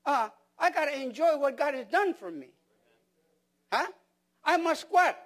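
High-voiced man preaching with emphatic questions. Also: lively intonation, a little slow, fairly bright tone. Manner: repeats words and restarts phrases for emphasis. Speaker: pastor. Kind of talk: sermon.

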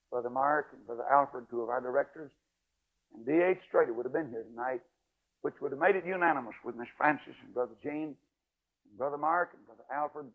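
Folksy older man preaching over tinny radio. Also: mid-range voice. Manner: folksy, emphatic, swings from loud to hushed. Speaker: evangelist preacher. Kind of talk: folksy storytelling sermon. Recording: tinny radio broadcast audio.

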